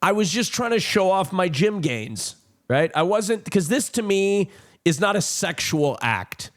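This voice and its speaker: A man's voice: sits high, sing-song, a little slow. A young man chatting casually on a livestream at home, rambling and self-mocking with lots of fillers. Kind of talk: casual chat. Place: home streaming room.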